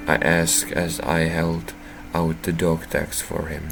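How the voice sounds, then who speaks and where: A man playing through a visual novel, reading the narration aloud and breaking into loud, profane reactions. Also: extremely low pitch, completely flat delivery, slow, creaky, poor audio. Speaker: game streamer. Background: faint game music.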